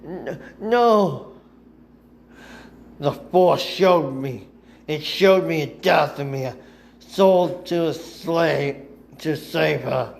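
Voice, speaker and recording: A man voicing a defiant young female warrior held captive, who answers in a strained, guarded, halting way in a fan audiobook reading. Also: medium pitch, steady tone, vocal fry, a little mellow. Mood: pained.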